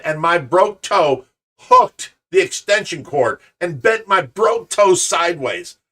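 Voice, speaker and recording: A man hosting a show, telling a story in casual chat, animated and restarting his sentences often. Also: high-pitched. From Ohio, USA. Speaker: show host. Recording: voice a bit far from the mic.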